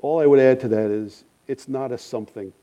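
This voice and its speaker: A man pastor preaching a sermon in an earnest, measured way, letting his phrases fall soft at the ends. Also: mid-range voice.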